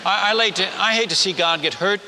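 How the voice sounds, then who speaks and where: Brisk and high-voiced, this missionary preacher recounts a personal story in his sermon with lively, conversational energy. He trips over restarts and puts questions to the audience, and the echoey hall recording carries slight hiss or hum.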